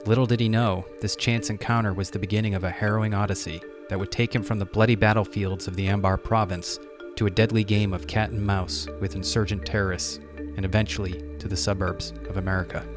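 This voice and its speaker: A man's voice: fairly low pitch, flat delivery, fast. A man hosting a podcast, giving a dramatic scripted narration that introduces the episode. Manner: dramatic storytelling delivery. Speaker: podcast host. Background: music.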